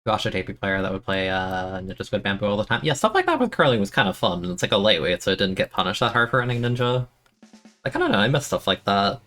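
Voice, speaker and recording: A young man streaming a game, complaining in an exasperated, self-mocking way, with sudden high-pitched outbursts. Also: expressive, quick pace, a bit bright, soft background music. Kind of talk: casual live-stream commentary.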